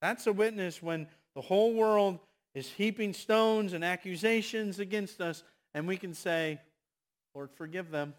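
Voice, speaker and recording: A male preacher delivering a sermon at an unhurried, deliberate pace. His voice sits a little high, and he swings from loud, fervent calls to near-whispered asides. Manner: impassioned, swinging between loud exhortation and hushed asides.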